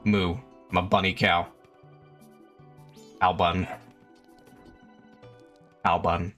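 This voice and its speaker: A man's voice: deep voice, flat delivery, extremely slow, a bit bright. A young man casually commenting while he plays a video game, chatty and swearing freely, talking to his chat and to the game. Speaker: streamer. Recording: faint game music behind.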